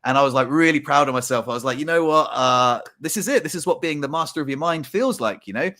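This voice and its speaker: A man talks through a personal story in a casual podcast chat. He is reflective and sometimes acts out his own thoughts. His voice sits a little high. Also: lively intonation, fast talker, sharp tone. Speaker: podcast co-host.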